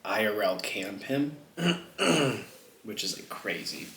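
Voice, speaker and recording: A man's voice: on the low side, very animated, takes it slowly, background noise. A young man chatting casually while eating on camera, rambling and jumping between topics with lots of filler words. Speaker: mukbang vlogger. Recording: echoey room.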